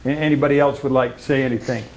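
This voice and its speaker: A man's voice: mid-range voice, steady tone, very fast, background noise. A man speaking off the cuff at a memorial, rambling and correcting himself as memories come. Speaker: religious group leader.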